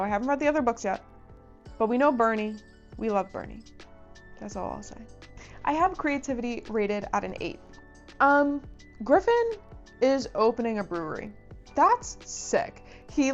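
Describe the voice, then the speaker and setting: A woman's voice: on the high side, muffled recording. A young woman hosting a book review vlog, chatting casually in a bubbly, gushing way with lots of "like" fillers. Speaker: book reviewer and channel host.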